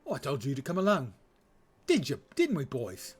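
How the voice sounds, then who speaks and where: A man voicing a sneering male ruffian gang leader in a put-on lower-class British accent, gruff and menacing. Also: wildly swooping pitch, normal speed, heavily acted. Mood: jeering.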